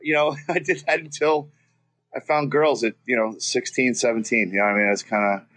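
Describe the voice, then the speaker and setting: A man's voice: mid-range voice, steady tone, brisk, fairly bright tone. Rambling, profane man from Florida. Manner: rambling and profane, with many restarts. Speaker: guest. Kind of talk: casual storytelling.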